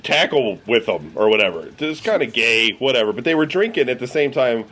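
A man's voice: medium pitch, expressive, fairly quick, fairly bright tone. A man from the US Midwest telling a rambling, profane story among friends, full of fillers. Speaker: podcast regular.

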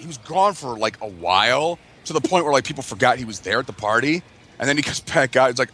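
A man's voice: medium pitch, animated, quick pace, bright, forceful tone. A man telling a profane party story in a casual chat among friends, full of "like" and "you know". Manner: profane, filler-heavy talk with lots of "like".

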